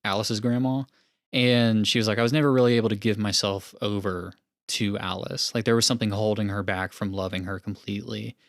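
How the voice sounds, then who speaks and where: A man's voice: lowish voice, fairly even intonation, brisk, no echo, studio quality. A man co-hosting a casual film podcast, talking animatedly with frequent laughs and lots of filler words. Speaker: podcast co-host.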